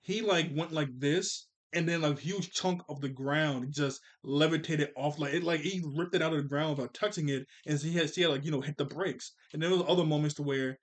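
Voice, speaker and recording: A man's voice: on the high side, brisk, hardly any pauses. A man recapping a movie in casual chat, rambling with lots of "like" and "you know" and chuckling often. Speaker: movie commentary vlogger.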